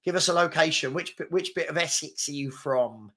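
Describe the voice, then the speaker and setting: Young London man, live-stream host, fast and chatty, bright forward tone. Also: fairly high pitch. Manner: fast-talking, chatty, reads out names and places. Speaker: football chat host. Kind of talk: live-stream casual chat reading viewer comments.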